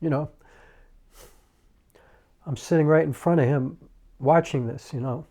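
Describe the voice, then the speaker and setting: A middle-aged man from New York telling a personal story to camera in a halting, reflective way, with many pauses and fillers. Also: on the high side, dark tone. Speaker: filmmaker and YouTuber.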